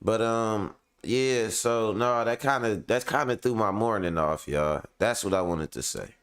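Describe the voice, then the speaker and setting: A man's voice: on the low side, animated, unhurried, a bit bright, clean tone. A man hosting his own online show, venting casually and at length to his viewers in a frustrated, rambling, profane way. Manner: heavy fillers, addresses viewers directly.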